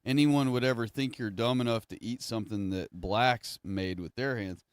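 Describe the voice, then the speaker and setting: Guy streaming, rambling on, smooth voice, dry close sound. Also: medium pitch, normal speed, no room sound. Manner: rambling, self-correcting, conversational. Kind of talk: casual livestream monologue.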